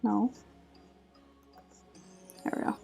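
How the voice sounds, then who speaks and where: A woman chatting casually with viewers while drawing on a live stream, her voice a little scratchy and groggy, relaxed and laughing often as she focuses on her work. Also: extremely slow, faint music behind. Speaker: art streamer.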